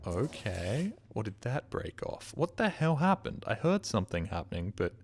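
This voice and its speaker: A man streaming a game live, muttering sarcastic commentary and breaking into excited outbursts. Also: fairly low pitch, moderate pace, over loud music.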